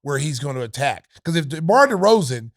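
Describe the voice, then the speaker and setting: A man's voice: on the high side, very animated, brisk, no echo. A man hosting a sports podcast in casual chat, emphatic and repeating words as he builds his point, in a podcast studio. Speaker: podcast host.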